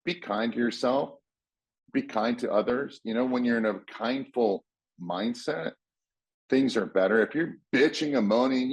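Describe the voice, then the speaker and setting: A man with a husky, slightly rough voice gives casual motivational advice. He talks bluntly and swears without hesitation. He often slips into acting out what other people say. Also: mid-range voice, measured pace. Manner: blunt, swears freely, acts out quoted voices.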